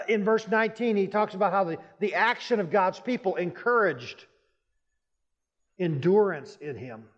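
A pastor giving a sermon, telling personal stories with emphatic rises in his voice. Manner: storytelling, emphatic rises in pitch. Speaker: Baptist pastor. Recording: muffled church hall with long reverb.

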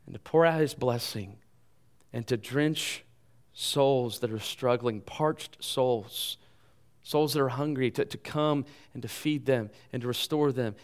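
A male pastor preaching a sermon in an earnest way, rising in emphasis and then dropping soft and low in his closing appeal. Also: unhurried.

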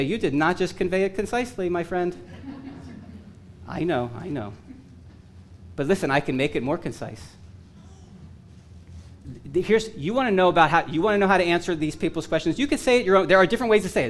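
A man delivering a sermon in a voice pitched a little above the usual for men. He presses his points earnestly and with rising emphasis, slipping in bits of wry humor, and his voice is wearing hoarse. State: losing his voice. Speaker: preacher.

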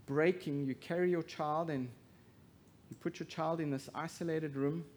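A man preaching a sermon as pastor, swinging from hushed to loud emphasis and asking the congregation rhetorical questions. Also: fairly high pitch, fairly even intonation, moderate pace.

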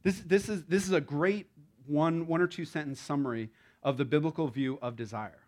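A male pastor delivers a sermon with an easy, conversational warmth, tossing in rhetorical questions and side stories. His voice sits a little high for a man, and his energy rises and falls as he leans into a point. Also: normal speed. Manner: conversational, animated preaching with asides.

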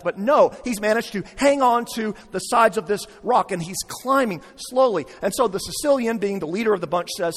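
Middle-aged pastor preaching, chatty and jokey, kinda high voice, long church echo. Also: male voice, fairly quick, few pauses. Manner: conversational, joking asides to the congregation. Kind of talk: sermon. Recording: long reverb.

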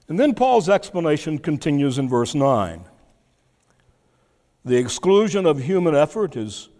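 A man preaching an expository sermon, teaching deliberately with occasional restarts and fillers. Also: a little high, darkish tone. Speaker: pastor. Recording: long hall reverb.

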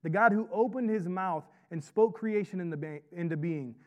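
Conversational pastor with a slightly high voice. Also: male voice, moderate pace, highs cut off. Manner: conversational, repeats "right?" to draw in the congregation. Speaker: pastor and chaplain. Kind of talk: sermon.

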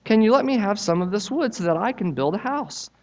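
A man voicing a small, stubborn little pig in a storybook tale, high and squeaky as he refuses. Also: animated, brisk, darkish tone. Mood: polite asking.

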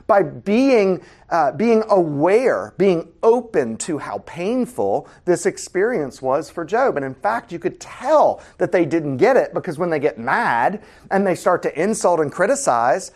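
A man teaching a casual Bible study, animated and conversational, asking the class questions. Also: high-pitched.

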